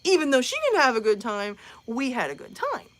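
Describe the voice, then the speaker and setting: A mother hosting a live show, telling a comic story in a lively, chatty way with lots of fillers. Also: a little high, a little fast. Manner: animated, many "like" fillers, acts out voices.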